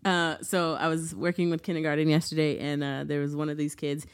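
A young woman co-hosting a podcast in casual chat, laughing often as she tells animated stories. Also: sits low, fairly quick, clean tone. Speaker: podcast co-host.

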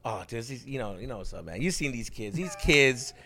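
Animated, profane male storyteller. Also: medium pitch, a little fast, vocal fry, long reverb tail, a crowd in the background. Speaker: comedian telling a story on a podcast. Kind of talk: casual chat. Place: studio.

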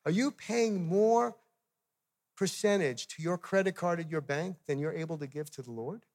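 A man's voice: on the high side, normal speed, a little mellow. A man in his fifties, a missionary preacher, giving a sermon with personal stories and putting direct, conversational questions to his listeners.

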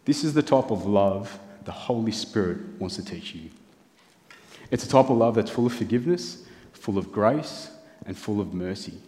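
A man's voice: on the low side, animated, moderate pace, mellow. A man preaching a sermon in a church hall, earnest and building his points through lists and rhetorical questions. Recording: long reverb of a large hall.

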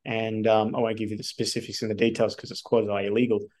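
An Australian man telling his story as a podcast guest, animated and casual, with lots of swearing and fillers. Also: fairly low pitch, fast talker.

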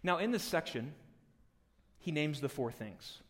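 A man preaching a live sermon as pastor, joking and animated, swinging from loud emphasis to hushed near-whispers. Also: fairly high pitch, a little slow. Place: church hall. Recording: long hall reverb.

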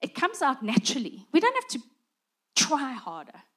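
Woman, middle-aged, preacher, high-pitched, conversational sermon, animated storytelling. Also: normal speed. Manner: conversational, animated, acts out little dialogues.

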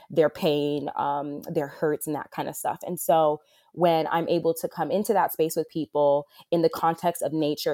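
A woman with a low-sitting, slightly mellow voice is interviewed in a clean studio with no room sound. She works as a wilderness therapist for adolescent boys and speaks earnestly and from the heart, using lots of fillers.

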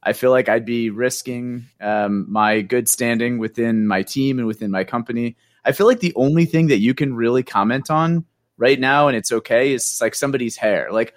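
A man with a mid-pitched voice rambles through his points in a casual podcast chat. He hesitates often and fills pauses with "uh" and "you know." His voice is recorded close and dry. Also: no echo. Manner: rambling, hesitant, full of fillers. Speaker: podcast co-host.

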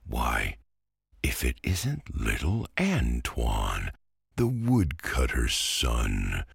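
A man's voice: very deep voice, wildly swooping pitch, very slow, vocal fry, slightly rough, no room sound, clean studio sound, exaggerated voice. A man voicing a very stout, jolly talking cabbage that is out of breath, in a storybook reading. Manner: jolly, chatty.

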